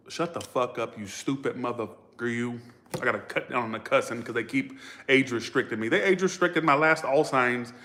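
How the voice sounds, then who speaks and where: A man's voice: medium pitch, bright, forceful tone, slight background noise. A man giving a casual tarot reading to viewers, blunt and profane, chatting straight at his audience. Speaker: tarot reader.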